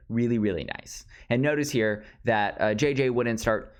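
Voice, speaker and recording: A man's voice: medium pitch, big pitch swings, normal speed, vocal fry, few pauses. A man teaching speech writing in a casual, conversational lecture over slides, with frequent fillers. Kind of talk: instructional lecture.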